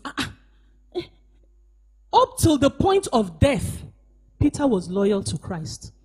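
Husky-voiced woman preaching a sermon. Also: on the high side, sing-song, slow. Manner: emphatic preaching, swinging between shouts and hushed asides; calls on the congregation to respond. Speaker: pastor. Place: church service.

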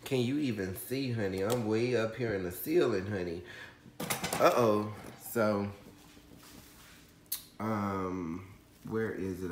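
Guy gushing over an unboxing, slow drawl, keeps saying honey, squeals a lot, echoey room. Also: on the low side. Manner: effusive, calls viewers honey, shrieks with excitement. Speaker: orchid channel host. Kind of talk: casual unboxing vlog. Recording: echoey room, faint background hiss.

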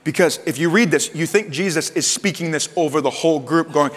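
A man preaching a sermon as pastor in a conversational way, acting out quoted lines in lively voices. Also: on the high side, fast talker, few pauses. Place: church sanctuary. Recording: long reverb of a church hall.

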